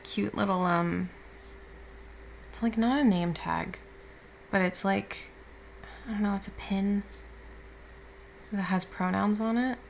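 Casting: woman as a just-woken girlfriend, soothing and affectionate, slight vocal fry, mid pitch, audio role-play. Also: slight background noise, low-quality recording. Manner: soft, tender and reassuring, with casual swearing. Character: affectionate young woman, the listener's caring girlfriend.

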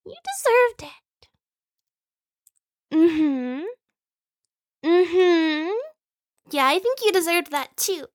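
Woman voicing a high-voiced, giggly younger sister, slow and teasing, whispered role-play, dry and close. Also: lively intonation, no echo, full character voice. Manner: playful, breathy whispering with frequent giggles.

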